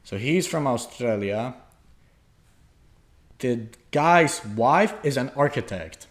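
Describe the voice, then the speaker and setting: A young man from Poland chats casually on a podcast, rambling through a travel story. His voice sits at an ordinary middle pitch for a man, and he talks with plenty of fillers and restarts. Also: lively intonation, slow. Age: young adult. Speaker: podcast co-host. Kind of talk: casual chat.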